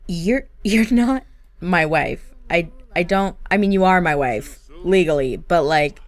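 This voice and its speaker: A woman voicing a controlling, villainous husband who speaks in a calm, menacing way. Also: on the low side, a little slow. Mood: cold, scheming.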